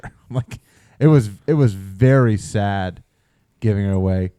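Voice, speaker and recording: A man in his thirties co-hosting a podcast, telling a story in a relaxed, casual way with quick restarts. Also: low-pitched, clean tone, no echo, studio quality. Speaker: podcast co-host. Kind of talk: casual chat.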